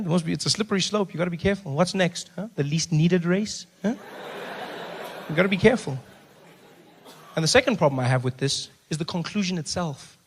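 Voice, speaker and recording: A man performing a stand-up comedy set on stage, telling stories with animated, mock-indignant bursts. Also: a little high, breathy edge. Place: comedy stage before live audience.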